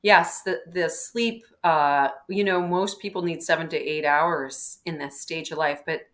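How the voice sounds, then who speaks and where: A woman physician giving health advice on a webinar over a video call, talking in an animated way and now and then clearing her throat. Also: low voice, a little slow. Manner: animated, acting out patients' words, frequent throat clearing. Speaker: physician guest.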